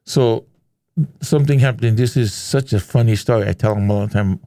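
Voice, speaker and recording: A middle-aged man from Hawaii, telling stories as a guest in a relaxed, animated way. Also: lowish voice, normal speed. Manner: animated, laid-back storyteller who slips into voices. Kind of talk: casual interview storytelling.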